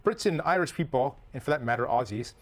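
A man's voice: mid-range voice, animated, fast. A man hosting a casual comedy chat show, with a playful, teasing, rambling way of talking. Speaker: podcast host.

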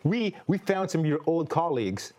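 A younger man hosting a comedic talk show, joking in a playful, deadpan way. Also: a little high, normal speed, a little hiss or hum. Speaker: host.

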